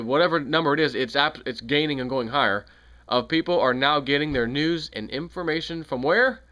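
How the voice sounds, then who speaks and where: A man's voice: mid-range voice, a bit bright. A man giving an angry, sarcastic political commentary on his own channel, repeating points with rising heat. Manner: heated, sarcastic, repetitive. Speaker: video commentator.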